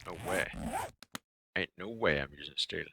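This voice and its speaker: A man with a fairly low voice talks his way through a survival game, muttering asides and humming to himself. Game sounds clatter loudly in the background. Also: moderate pace, gravelly. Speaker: gamer. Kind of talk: casual gameplay commentary. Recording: noisy game audio behind.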